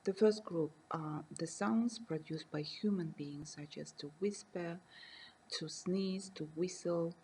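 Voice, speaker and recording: Woman lecturer, measured and careful delivery, soft dark tone. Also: on the low side, a little hiss or hum, rough recording. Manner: reads slowly and carefully, defining terms with examples. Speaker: university lecturer. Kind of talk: recorded lecture reading.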